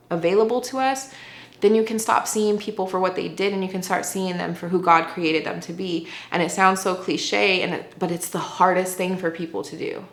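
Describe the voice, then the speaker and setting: A woman's voice: medium pitch, a bit bright, reverberant. A woman giving an earnest, conversational faith testimony as an interview guest, often saying "like". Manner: earnest, conversational, heavy use of "like".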